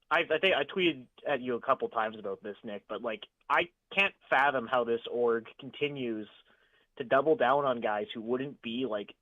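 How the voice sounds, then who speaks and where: A man's voice: medium pitch, no room sound. Male caller on a tinny phone line. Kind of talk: call-in chat.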